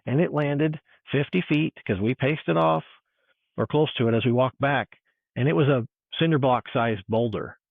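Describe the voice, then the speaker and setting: A man telling a personal encounter story in casual chat, animated and full of restarts, acting out what people said. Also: medium pitch, moderate pace, creaky, dry recording. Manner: animated storyteller, restarts, acts out quoted dialogue. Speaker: guest. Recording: tinny phone-like line.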